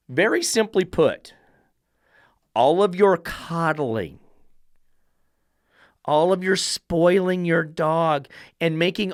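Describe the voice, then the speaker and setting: Dog trainer guy, blunt and swears a lot, kinda high voice, dry close sound. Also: no echo. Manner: blunt, profane, emphatic; rhetorical, lecturing. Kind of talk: instructional monologue.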